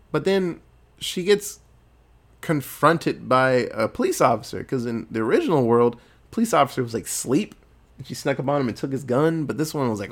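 A man casually retelling a movie plot in a lively, profane storytelling way. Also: medium pitch. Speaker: movie recapper.

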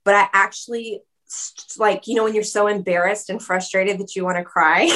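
A woman in an interview, telling a personal story in a chatty way, full of "like" and quick laughs. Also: mid-range voice, fairly even intonation, bright, forceful tone. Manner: chatty, fillers of "like", laughs often. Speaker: guest.

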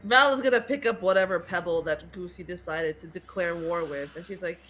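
A woman playing a tabletop game, joking and lively in casual talk. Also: lowish voice, fairly quick, faint music behind. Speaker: player.

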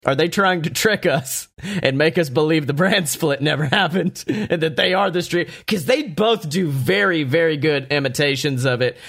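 Excitable, profane podcast host man. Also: fairly high pitch. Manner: excitable, profane, lots of laughing and mock quotes. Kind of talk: casual wrestling podcast chat.

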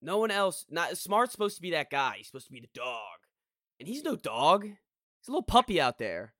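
A very animated podcast co-host talks sports at a moderate pace, rambling with frustration and often cutting himself off to begin again. His voice is bright and a little high for a man. The recording is close and dry, with no room sound whatsoever.

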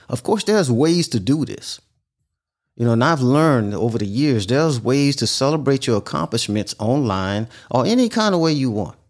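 A man giving casual, earnest advice in a monologue, repeating his points often. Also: medium pitch. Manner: repetitive, earnest, preachy, repeats phrases.

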